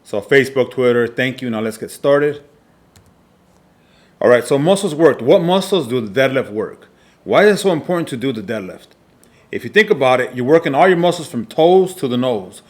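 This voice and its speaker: Male fitness coach, mid-pitched, teaching from slides, emphatic and repeats key points. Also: animated, normal speed. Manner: repetitive, emphatic, frequent "all right" checks. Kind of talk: slide presentation lesson.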